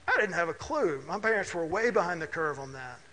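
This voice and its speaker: High-voiced pastor preaching in a hall. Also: male voice, animated, brisk, pushed and bright. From Mississippi. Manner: conversational, anecdotal, asks listeners "right?". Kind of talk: sermon. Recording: reverberant hall.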